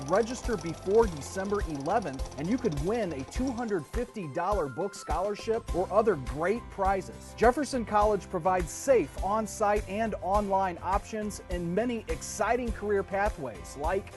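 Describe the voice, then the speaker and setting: A man's voice: high voice, a little mellow. A man reading a scripted college advertisement in an announcer style. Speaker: commercial announcer. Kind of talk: scripted ad read.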